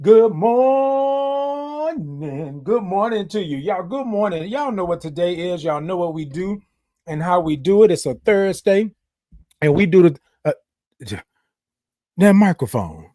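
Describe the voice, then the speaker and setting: A high-voiced man hosts a morning live stream, bouncing all over his range as he chats playfully with his viewers. He draws his greetings out into long sing-song calls. The sound is close and dry, with no room around him. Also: expressive, normal speed, dark tone, no echo. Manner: chatty and playful, talks straight to the audience. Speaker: host.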